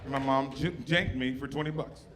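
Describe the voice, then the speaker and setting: A man with a medium-pitched, fairly even voice talks a little fast during a stand-up set at a comedy club. He swears freely and fights back tears as he speaks about his mother, sounding profane, emotional and close to crying. It's a live club recording with audience noise.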